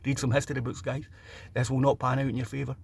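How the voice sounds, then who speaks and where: A man's voice: mid-range voice, level tone, fast talker, gravelly, breathy edge. A middle-aged Scottish man delivering a blunt, ranting opinion monologue, stumbling over repeated restarts. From Scotland. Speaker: vlogger.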